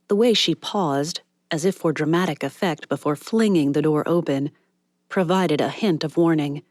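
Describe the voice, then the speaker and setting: A woman reading a novel aloud as audiobook narrator, in measured storytelling narration. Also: low voice, a little mellow, no echo, clean studio sound. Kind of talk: scripted narration.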